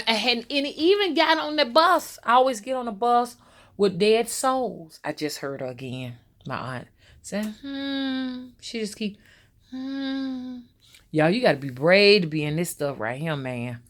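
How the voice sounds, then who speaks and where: A woman's voice: medium pitch, animated, moderate pace. A woman tells a rambling, personal story straight to her viewers. She talks casually and keeps calling out to her audience as a spiritual rootworker. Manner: loose, storytelling, addresses viewers as y'all. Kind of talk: casual spoken monologue to viewers.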